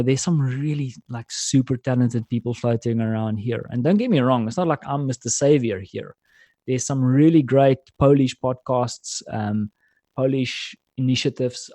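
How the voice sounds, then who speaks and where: Warm-voiced man telling stories. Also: mid-range voice, dry recording. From South Africa. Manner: storytelling, friendly, calls the host "man". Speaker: podcast guest. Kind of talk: casual interview chat.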